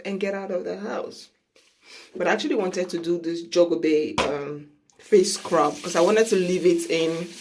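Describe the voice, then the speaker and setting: A woman's voice: mid-range voice, low-quality recording. A woman beauty vlogger from Sierra Leone chatting casually at home, self-mocking and chatty. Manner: chatty, self-mocking, breaks into laughs and groans. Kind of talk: casual chat.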